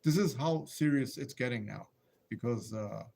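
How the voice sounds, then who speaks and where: A man's voice: mid-range voice, moderate pace, vocal fry, mellow. A man hosting a casual live stream, rambling and emphatic, firing off rhetorical questions and answering viewer comments.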